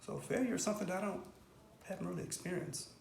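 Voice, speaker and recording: A man's voice: high voice, lively intonation, fast talker, vocal fry, reverberant, background noise. A middle-aged man telling his life story in an interview, earnest and emphatic, often tagging "right?" and "bro". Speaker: interview guest. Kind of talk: candid personal interview.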